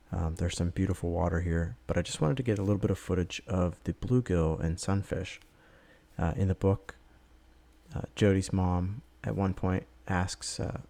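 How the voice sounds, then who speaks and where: A man's voice: sits low, creaky, mellow. A man giving a casual, rambling voice-over for his outdoor vlog, with plenty of filler words. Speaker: vlogger.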